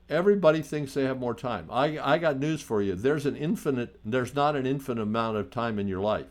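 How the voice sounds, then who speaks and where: A man's voice: mid-range voice, expressive, fairly quick, few pauses. An older man hosting a talk radio show, giving a blunt, lecturing monologue with frequent restarts and direct questions to his listeners. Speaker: radio host and estate attorney. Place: radio studio.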